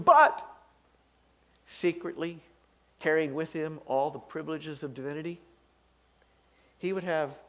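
A male pastor preaching a sermon in an animated way, with a story-telling swing. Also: fairly high pitch.

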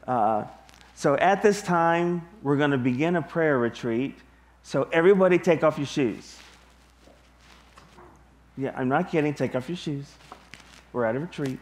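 A man preaching a sermon to his congregation, deliberate and emphatic, with long pauses. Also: on the high side, a little mellow. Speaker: pastor.

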